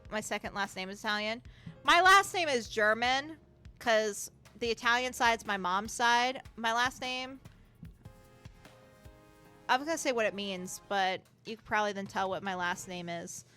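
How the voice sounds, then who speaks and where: A woman's voice: a little high, normal speed, sharp tone, smooth, faint music behind. A young woman streaming a game, reading its text aloud with chatty, giggly commentary and casual swearing. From United States.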